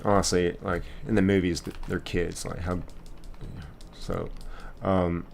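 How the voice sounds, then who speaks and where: Low-voiced man chatting on a live stream. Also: measured pace, gravelly, slight background noise. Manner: rambling, relaxed, many fillers and restarts. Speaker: live game streamer reading chat. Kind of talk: casual live-stream chat.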